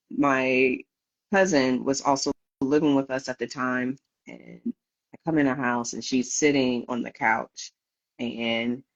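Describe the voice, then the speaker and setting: A woman guest telling her own story in a candid interview, laughing often and acting out what others said. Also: rumbling low. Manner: lively, laughing, acts out voices of others. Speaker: podcast guest. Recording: slightly dull lo-fi audio.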